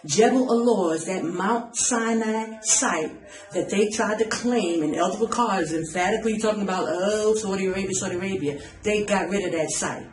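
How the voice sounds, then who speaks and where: A woman's voice: mid-range voice, moderate pace, echoey room, rough recording. A woman preaching an impassioned online message, urgent and pleading, repeating her phrases for emphasis. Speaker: self-styled preacher.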